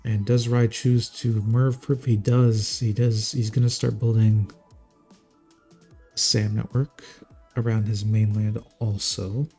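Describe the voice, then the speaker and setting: A man's voice: fairly low pitch, flat delivery, slow pace, dark tone, breathy edge, faint music behind. A man casting a strategy game live in a casual, jokey, chatty way. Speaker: game caster.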